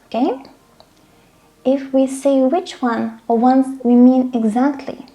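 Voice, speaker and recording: A woman teaches a grammar lesson. Her voice sits a little high but sounds soft and mellow. She explains step by step and keeps checking that the students follow. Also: fairly even intonation, slow pace. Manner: patient, checks in with frequent "okay?" and "right?". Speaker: English teacher.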